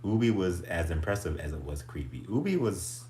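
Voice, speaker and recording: A man hosting a livestream in casual chat, goofy and animated, laughing often. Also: sits low, normal speed, reverberant, slight background noise. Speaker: livestream host.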